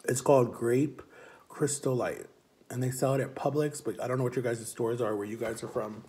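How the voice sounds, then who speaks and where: A man's voice: medium pitch, steady tone, moderate pace, a little mellow, a little hiss or hum. Guy rambling in his vlog, upbeat, lots of "like", medium voice. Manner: chatty, upbeat, many "like"s. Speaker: vlogger. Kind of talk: casual vlog chat.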